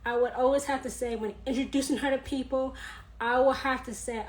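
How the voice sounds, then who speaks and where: A woman in her thirties talking earnestly in a personal vlog, repeating her points and laughing softly now and then. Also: high voice, fairly even intonation, a little fast, rough recording. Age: 30s. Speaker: vlogger.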